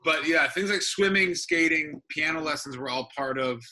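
A comedian talking casually over a video call, telling stories in an animated, self-interrupting way. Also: male voice, on the high side, moderate pace. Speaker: comedian guest.

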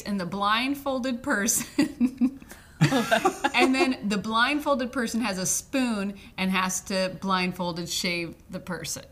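A woman's voice: mid-range voice, fairly bright tone. Playful joking woman podcast co-host. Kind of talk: casual podcast chat.

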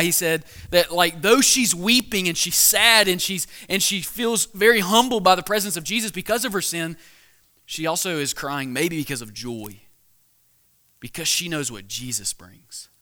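A young pastor with a high, bright, forceful voice delivers his weekly sermon conversationally and casually. He asks the crowd questions and often restarts his sentences.

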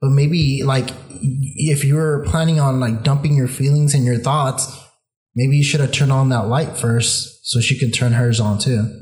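A man's voice: mid-range voice, fairly even intonation, unhurried, darkish tone. A man on a podcast in loose casual chat. He gives advice thoughtfully, circling back and restarting his sentences as he builds a metaphor. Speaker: podcast co-host.

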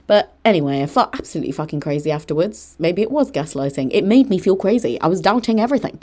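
A woman's voice: low voice, quick pace. A young woman hosting her podcast from her bedroom, telling a story casually and acting out the people in it. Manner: animated, mimics others in quoted lines. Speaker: podcast host. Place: bedroom at home.

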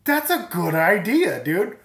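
A man's voice: high-pitched, big pitch swings, slow, fairly bright tone, reverberant. A man co-hosting a casual chat, swearing and laughing through rambling banter, recorded on a phone. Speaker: podcast co-host. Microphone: phone app.

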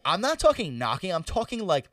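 A man's voice: high voice, fairly quick, dry recording, recorded from a distance. A young man co-hosting a casual chat, telling stories with lots of swearing. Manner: animated storyteller, swears a lot. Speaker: podcast co-host. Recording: dry, a bit off-mic.

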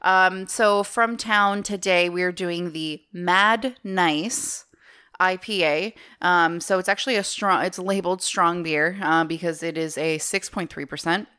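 A woman's voice: lowish voice, measured pace, sharp tone, clear, resonant tone. A woman co-hosting a casual beer podcast, chatting in an upbeat, enthusiastic way. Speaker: podcast co-host. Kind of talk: casual chat.

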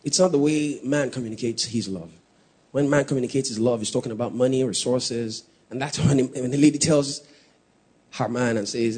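A man preaching a sermon, teasing the congregation and building to shouted emphasis. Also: mid-range voice, normal speed, slightly rough. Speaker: pastor.

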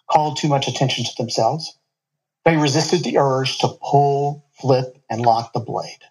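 Brief: male storyteller, mid-pitched voice, relaxed reading with casual asides. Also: low-quality recording. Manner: casual asides between passages.

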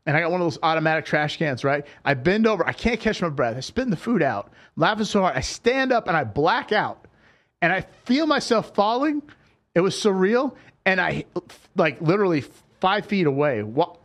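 Man, podcast host, casual chat, animated storytelling, fairly high voice, stumbling restarts. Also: normal speed.

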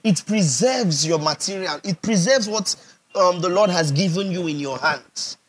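Nigerian male pastor, sermon delivery, husky high voice, emphatic and repetitive. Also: animated, measured pace. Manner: emphatic, repeats phrases for effect, asks the audience questions.

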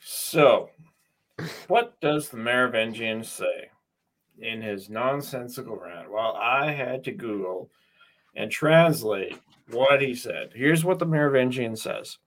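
Man, slow unhurried delivery, sarcastic, profane, casual movie chat. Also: medium pitch, lively intonation, fairly bright tone. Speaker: movie commentator.

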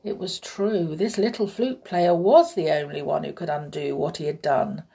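A woman narrating a storybook read-aloud in an expressive, deliberate way. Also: low-pitched, vocal fry, slightly rough, low-quality recording.

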